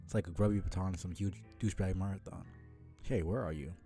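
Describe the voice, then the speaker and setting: A man's voice: low-pitched, fast, mellow, soft background music. Man doing a cocky, rambling teenage boy. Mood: sardonic. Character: laid-back sardonic teenage boy who rambles.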